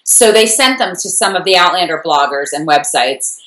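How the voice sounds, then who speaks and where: A woman co-hosting a fan recap show, chatting casually and rambling with a quick laugh. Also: on the low side, animated, fairly bright tone, reverberant, low-quality recording. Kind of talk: casual chat.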